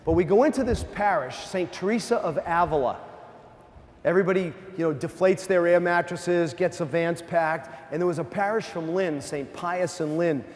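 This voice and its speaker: A man's voice: sits high, moderate pace, long reverb tail. A man who is a parish priest, giving a conversational, humorous sermon and often checking in with the congregation. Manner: conversational, asks the congregation questions; animated storyteller with humor. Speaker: pastor. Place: church.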